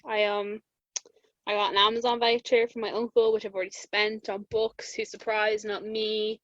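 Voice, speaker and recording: A woman's voice: mid-range voice, little pitch movement, moderate pace, a bit bright, dry recording. A young Irish woman co-hosting a podcast, chatting casually and telling stories with lots of laughs. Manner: chatty storyteller, laughs often, acts out quotes. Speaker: podcast co-host. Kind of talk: casual chat. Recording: muffled podcast audio.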